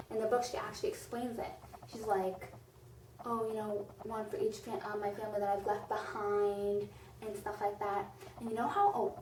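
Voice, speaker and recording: A woman's voice: mid-range voice, a little mellow, recorded from a distance. A woman reviewing a movie in a casual vlog, gushing and rambling with lots of "like". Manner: gushing, rambling, heavy use of "like". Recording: roomy echo, off-mic, faint noise.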